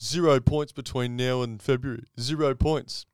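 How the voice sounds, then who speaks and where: A man's voice: medium pitch, steady tone, normal speed, clean tone, no echo, voice pushed up, close to an everyday voice. Man doing a smug, taunting rival fan. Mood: mocking. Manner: taunting, raised and mocking.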